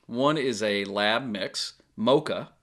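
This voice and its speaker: A man's voice: lowish voice, slow. A man co-hosting a podcast in casual chat, telling stories in a playful, jokey way. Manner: animated storyteller, playful and jokey. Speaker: podcast co-host.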